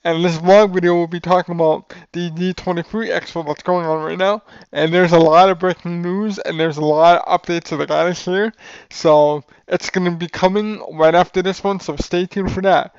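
A man's voice: sits high, fairly even intonation, moderate pace, clean tone, no room sound. An enthusiastic man reviewing food in a casual vlog, rambling with restarts and calling his viewers "folks". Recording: dull lo-fi sound.

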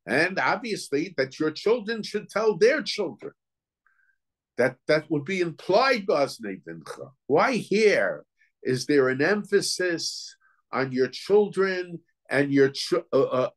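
A man's voice: a little high, big pitch swings, measured pace. A man teaching as a rabbi in a Torah lecture. He reasons aloud, asks questions, and often halts to search for words and restart.

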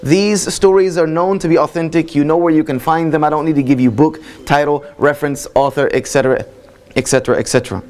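A man's voice: on the high side, fairly even intonation, fast talker, darkish tone. Emphatic Southern American man preaching. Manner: emphatic, builds with repeated phrases and rhetorical questions. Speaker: guest speaker at a mosque. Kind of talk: sermon-style lecture.

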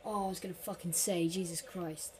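A woman casually commentating her own football video game. She swears freely, mutters under her breath, and erupts into shouts at big plays. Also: fairly low pitch, a little slow. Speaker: gaming commentator.

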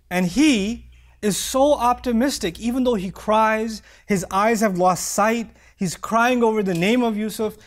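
Man, high voice, earnest sermon, heartfelt, soft low passages, quick Arabic recitation. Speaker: preacher.

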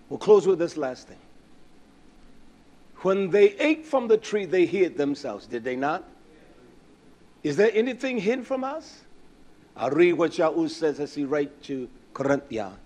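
A man preaching a sermon, swinging from low murmurs to raised, fervent passages and asking the listeners rhetorical questions. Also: dark tone. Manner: rhetorical questions, drawn-out emphatic words.

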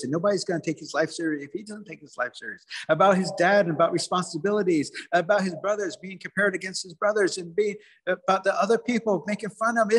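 A man's voice: sits high, a bit bright, big-room sound, a little hiss or hum. A man telling a traditional folktale with rhythmic, repetitive phrasing. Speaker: storyteller, museum director.

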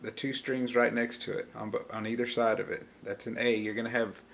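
A man's voice: medium pitch, little pitch movement, brisk, creaky, fairly bright tone. A man giving a casual step-by-step guitar lesson, explaining chord shapes plainly and easygoingly. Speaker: guitar teacher. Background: acoustic guitar being played.

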